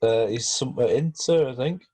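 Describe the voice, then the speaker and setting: A man's voice: mid-range voice, moderate pace, mellow, breathy edge. A man co-hosting a casual football podcast, hesitant with many fillers and restarts. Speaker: podcast host.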